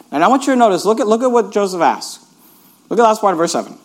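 A male pastor delivers a sermon in an animated way, reading scripture aloud and repeating his points. His voice sits high for a man and swings widely between soft asides and loud bursts. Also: rapid-fire. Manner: animated and repetitive, keeps urging "notice".

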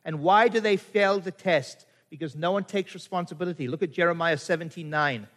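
A man's voice: fairly high pitch, a little fast, fairly bright tone, long reverb tail. A middle-aged male pastor preaching a conversational sermon, firing rhetorical questions at his congregation. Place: church.

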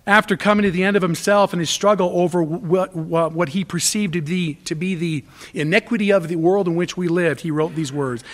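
A male pastor delivers a sermon in a high voice. He preaches emphatically, urging his listeners with repeated phrases, and swings between loud exhortation and hushed asides. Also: brisk, few pauses. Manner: repetitive, exhorting the congregation.

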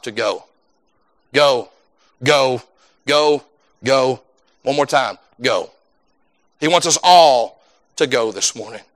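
A man preaching a sermon in a fervent, repetitive cadence that climbs loud and drops quiet. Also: a little high.

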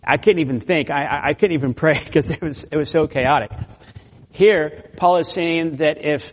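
A man preaching an expository sermon, explaining scripture verse by verse and pressing hard on key points. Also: fairly high pitch. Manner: emphatic, rising loud on key points, repeats words. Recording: long hall reverb.

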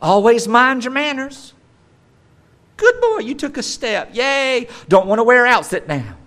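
A preacher playing a fretful, overprotective parent coaching a toddler, in a doting sing-song. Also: male voice, very high-pitched, very animated, a little slow, sharp tone, voice pushed up, exaggerated voice.

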